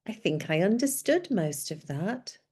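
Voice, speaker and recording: A woman narrator voicing a shy young newcomer's inner thoughts in a plain, quietly pleased way, in a storybook reading. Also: mid-range voice, sing-song, unhurried, slightly rough.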